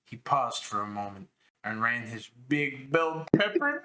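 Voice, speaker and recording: A man's voice: mid-range voice, wildly swooping pitch, takes it slowly, pushed and bright. A man co-hosting a podcast, doing a comedic reading of a crude novel and laughing as he goes. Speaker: podcast co-host.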